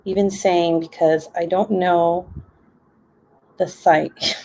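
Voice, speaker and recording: A woman's voice: on the low side, steady tone, slow, dark tone. A woman hosting a casual craft livestream, chatty and laughing often.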